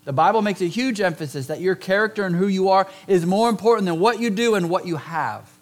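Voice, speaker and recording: Guy preaching a sermon, kinda high voice, jokey asides to the crowd, slows way down on the big words. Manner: conversational, joking asides with the congregation; emphatic, slows down to stress key words. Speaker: pastor.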